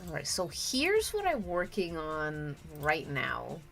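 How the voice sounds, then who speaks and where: A woman chatting through a live drawing stream at a slow, easy pace, with pitch that swings up and down. She giggles often and trails off, restarting her thoughts. Soft music plays faintly behind her. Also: huge pitch swings, gravelly. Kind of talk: casual livestream chat while drawing. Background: faint background music.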